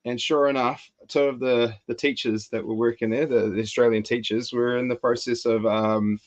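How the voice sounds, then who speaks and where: A man co-hosts a podcast and tells a story in an easy, chatty way, tripping over a word now and then and restarting. His voice sits at an ordinary middle pitch. The recording sounds a little dull and lo-fi. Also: normal speed. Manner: animated anecdote, repeats words at restarts. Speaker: podcast co-host. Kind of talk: casual storytelling chat.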